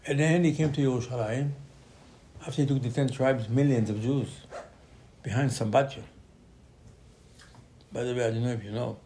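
A man's voice: medium pitch, normal speed, long pauses, a little hiss or hum. Man acting out a Torah story. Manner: acts out quoted voices, sudden loud bursts; mixes Hebrew terms into English. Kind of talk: animated Torah class storytelling.

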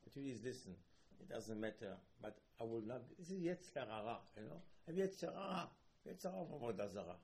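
A man of middle pitch leads an animated Torah class. He throws rhetorical questions and asides at his listeners. He acts out quoted speech with sudden loud, high-pitched bursts. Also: fast, vocal fry. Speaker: Torah teacher.

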